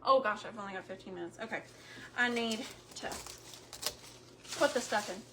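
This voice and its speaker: A middle-aged woman chatting casually on a homemaking livestream, searching for words between fillers, her throat a bit hoarse. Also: medium pitch, normal speed, noisy background. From Texas. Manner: chatty, warm Southern drawl with frequent fillers and word searches.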